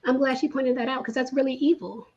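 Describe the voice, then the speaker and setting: A woman's voice: high-pitched, steady tone, fast talker, muffled recording, crowd noise. A woman guest in a casual recap chat, talking emphatically and repeating her points. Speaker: guest commentator.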